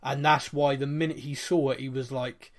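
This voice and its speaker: A man's voice: medium pitch, steady tone, moderate pace, a crowd in the background. A British man hosting a casual podcast chat, chatty and fond of mocking posh voices. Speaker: podcast host.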